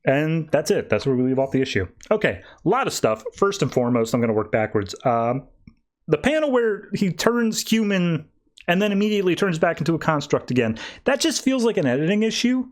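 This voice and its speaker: A man hosting a podcast, casually recapping a comic issue and voicing the characters in quick, animated asides. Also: on the high side. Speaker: podcast host.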